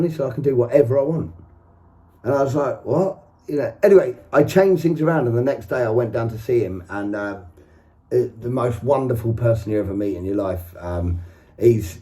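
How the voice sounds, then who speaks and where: A man's voice: medium pitch, warm tone. Earnest man in a rambling video diary. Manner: rambling and earnest, with many fillers and restarts. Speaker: recovery vlogger. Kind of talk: casual spoken vlog.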